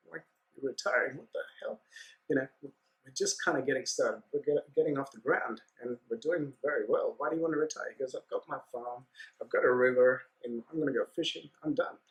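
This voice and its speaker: A man, a guest on a business podcast, telling his story in a relaxed, chatty way and acting out the dialogue. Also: mid-range voice, fairly quick, rough recording. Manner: animated anecdote-telling with acted-out dialogue. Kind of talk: casual storytelling interview.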